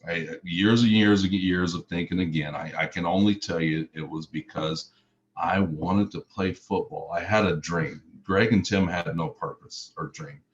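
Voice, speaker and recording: A man's voice: low voice, moderate pace, a little hiss or hum. A middle-aged man from Chicago telling a personal story in vivid, emotional present tense. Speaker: motivational speaker. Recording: slightly muffled recording.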